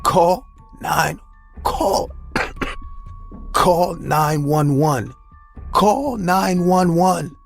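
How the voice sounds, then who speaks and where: A man's voice: sits high, huge pitch swings, very slow, creaky, long pauses, faint music behind, pitched above the performer's own voice, exaggerated voice. A man voicing a snappish, harsh old caretaker woman. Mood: choking. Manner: snappish, then choking and gasping.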